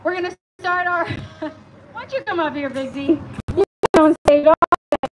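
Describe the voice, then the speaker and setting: A woman's voice: sits high, moderate pace, background noise. A woman announcing at a live event, upbeat as she thanks and introduces people. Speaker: event emcee.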